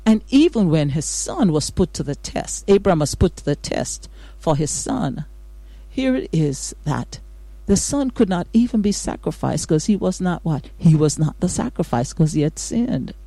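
A woman's voice: fairly low pitch, big pitch swings, moderate pace, dark tone, slightly rough, dry recording. A woman hosting a morning devotional radio show, greeting listeners and preaching with exuberant praise and amens. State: out of breath. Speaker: radio host.

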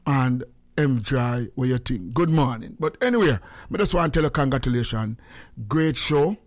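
A man's voice: medium pitch, normal speed. A man with a Jamaican accent hosting a radio chat, mixing English and patois and giving advice. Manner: lively, switching between English and patois, preachy. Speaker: radio host. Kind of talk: casual chat.

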